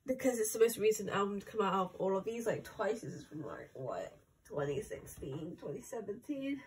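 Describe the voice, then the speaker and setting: Excitable young woman unboxing, lively voice. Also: mid-range voice, moderate pace, slight background noise. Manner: excitable, gasping and exclaiming over each item; chatty, thinks aloud with many "like"s. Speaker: channel host. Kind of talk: casual album unboxing chat.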